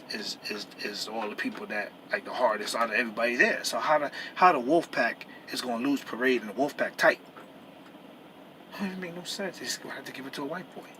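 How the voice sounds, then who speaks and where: A truck driver talking straight to camera in a heated, profane rant that keeps repeating and restarting itself. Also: male voice, medium pitch, noisy background. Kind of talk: angry personal rant to camera.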